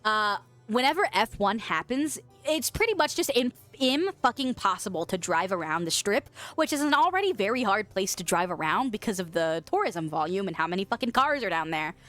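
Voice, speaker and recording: Chatty, lively-voiced young woman streamer. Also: mid-range voice, brisk, few pauses, faint music behind. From western United States. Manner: chatty, swears freely, laughs often. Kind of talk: casual chat reading viewer comments.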